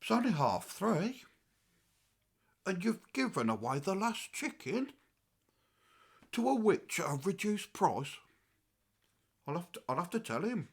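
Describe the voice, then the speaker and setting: A man's voice: sits high, big pitch swings, a little slow, gravelly, pauses often, husky, exaggerated voice. A man puts on a cranky old English grandad who rambles on and on, his voice leaping up and plunging down as he swings from muttering to outrage. The English accent is broad and chatty, and the tone stays aggrieved and comic throughout. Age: older. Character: grumbling old English grandad, easily riled. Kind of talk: comic character monologue.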